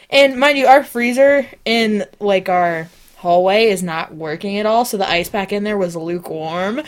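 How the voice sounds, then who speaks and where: A young woman co-hosting a comedy podcast, telling a story in a casual, animated way and acting out the voices of the people in it. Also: medium pitch, normal speed, hardly any pauses. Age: young adult. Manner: animated, acts out quoted voices. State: sick, sniffing and coughing. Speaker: podcast co-host.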